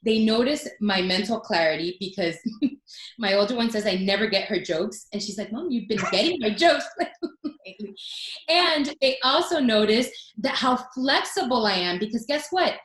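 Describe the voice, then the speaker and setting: Woman in her forties, higher voice, lively storytelling, echoey room. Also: normal speed. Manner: animated storytelling, acts out quotes. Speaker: guest. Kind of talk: casual chat.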